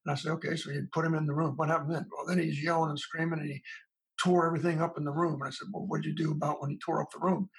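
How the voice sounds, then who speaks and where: A man's voice: on the high side, level tone, rapid-fire, vocal fry, slightly rough, low-quality recording. A man, a psychologist, answering in an interview, retelling his talks with parents in a conversational way. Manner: recounts parent dialogues, thinking aloud with restarts. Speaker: psychologist guest.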